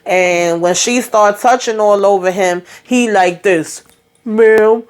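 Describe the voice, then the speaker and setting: A woman hosting a casual TV episode recap, animated and cussing, acting out the characters' lines and laughing often as she talks. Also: mid-range voice, measured pace, clear, resonant tone. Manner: laughs often while talking. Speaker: show recap host.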